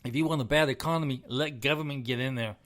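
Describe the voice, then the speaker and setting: A man's voice: mid-range voice, fast, a bit bright. A middle-aged man hosting his own podcast, delivering an emphatic, repetitive opinion rant with frequent chuckles. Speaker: podcast host.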